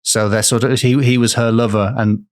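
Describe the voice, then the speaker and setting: A man co-hosting a podcast, telling a folklore tale in a conversational way with wry, deadpan jokes. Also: mid-range voice, normal speed. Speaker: podcast co-host and storyteller.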